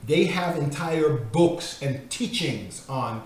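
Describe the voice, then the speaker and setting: A man giving an earnest teaching talk, stressing his points by slowing down and reading passages aloud. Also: a little high, expressive, darkish tone, a little hiss or hum. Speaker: Christian teacher critiquing a devotional. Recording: very echoey room.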